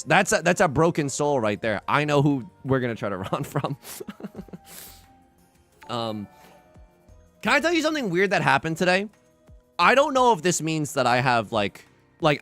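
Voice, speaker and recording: A young man streaming an online mahjong game, joking and reading out chat in a casual, animated way. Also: a little high. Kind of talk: casual livestream commentary while playing mahjong.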